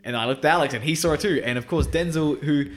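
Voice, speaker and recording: A man's voice: on the high side, fast talker. A young man co-hosting a podcast, telling stories in casual banter and acting out what people said. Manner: animated storyteller, acts out quotes. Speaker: podcast co-host.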